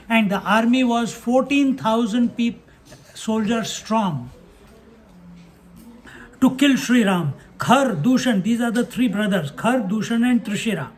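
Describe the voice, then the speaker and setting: A man giving a spiritual discourse on scripture, acting out the dialogue with a chuckle and chanting verses. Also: very high-pitched. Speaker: spiritual teacher.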